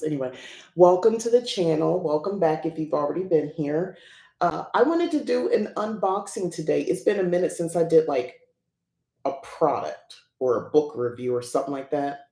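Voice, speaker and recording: A woman's voice: low voice, big pitch swings, unhurried, mellow, echoey room. A woman hosting a casual unboxing chat who rambles and laughs often. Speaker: host.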